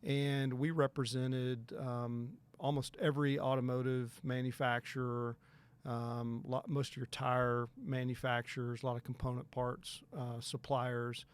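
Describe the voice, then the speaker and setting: A man's voice: medium pitch, flat delivery, unhurried, smooth. A man, a personal injury attorney talking as a guest on a talk show, earnest and emphatic, with many restarts. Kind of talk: casual talk show conversation.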